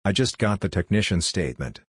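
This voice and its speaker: A man voicing a smug male police detective who talks slowly and knowingly in a story reading. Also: deep voice, husky, dry recording, studio quality. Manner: slow, knowing and calm.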